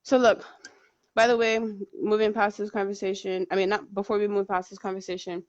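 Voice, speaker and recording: A woman's voice: mid-range voice, level tone, a little fast, dry recording. Outspoken woman, dry lo-fi podcast audio. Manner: outspoken, argues her points bluntly. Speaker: podcast guest. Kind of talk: casual chat.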